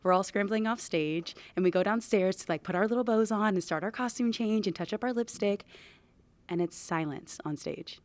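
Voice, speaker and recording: A young actress tells a casual, lively anecdote, laughing often as she goes. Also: mid-range voice, normal speed. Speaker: actor.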